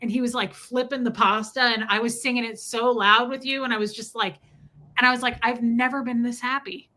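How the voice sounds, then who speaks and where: A young woman co-hosting a casual livestream chat, telling stories with gushing, animated energy. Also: fairly high pitch, a little fast, low-quality recording. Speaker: co-host.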